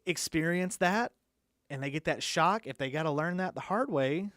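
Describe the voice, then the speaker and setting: A man's voice: on the high side, animated, normal speed, fairly bright tone, no echo, studio quality. A man co-hosting a live stream, talking casually and emphatically with lots of "you know". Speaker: co-host. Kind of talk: casual chat.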